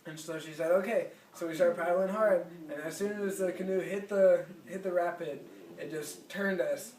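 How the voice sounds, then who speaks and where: A man's voice: high-pitched, steady tone, moderate pace, darkish tone. A man telling a story casually in an easygoing way, chuckling as he goes. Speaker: interviewee. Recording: echoey room, from a distance.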